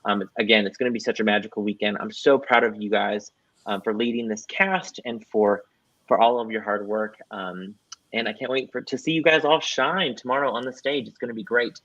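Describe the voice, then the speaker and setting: A man's voice: on the low side, steady tone, fairly quick, a bit bright, dry recording, dull audio. A man hosting a casual livestream interview, upbeat and rambling, chuckling often as he promotes upcoming shows. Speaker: host.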